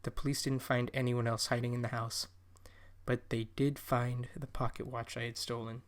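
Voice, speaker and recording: A man narrating a horror story in a measured, steady storytelling delivery. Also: medium pitch.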